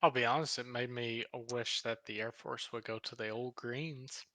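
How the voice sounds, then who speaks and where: Blunt, bright-voiced male guest. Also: mid-range voice, fairly even intonation, moderate pace, dry recording. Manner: blunt, teasing. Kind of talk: casual chat.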